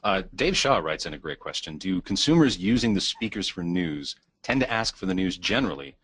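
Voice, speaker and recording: Brief: low male host, crisp forceful tone, reads viewer questions, dry wit. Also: big pitch swings, a little fast, no room sound. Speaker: host reading audience questions. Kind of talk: webinar Q&A.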